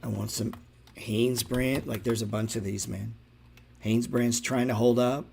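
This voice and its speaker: A man's voice: medium pitch, moderate pace, creaky, a little hiss or hum. A man hosting a stock trading show, giving loose, profane live market commentary and talking straight to his viewers. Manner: excitable, profane, talks to viewers directly.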